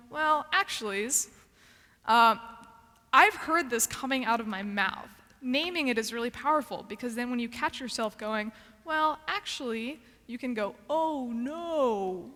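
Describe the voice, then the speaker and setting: A woman's voice: a little high, sharp tone, big-room sound. A woman giving a practical, earnest conference talk with frequent ums and restarts. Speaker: conference speaker.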